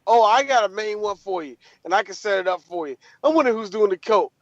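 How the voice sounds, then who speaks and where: A man's voice: sits high, expressive, a little fast, no echo, highs cut off. A man co-hosting a podcast in casual banter, riffing in a rowdy, profane way. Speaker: podcast co-host.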